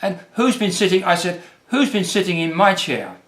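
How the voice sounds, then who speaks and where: A man voicing a small boy bear cub in a storybook reading, squeaky and shrill. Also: sing-song, moderate pace, fairly bright tone. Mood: upset. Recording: roomy echo.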